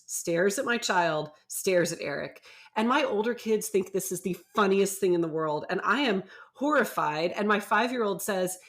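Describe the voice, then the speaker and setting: A middle-aged woman, a physician and podcast co-host, telling a family story in casual chat and acting out the people she quotes. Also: mid-range voice. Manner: animated storyteller who acts out quoted people.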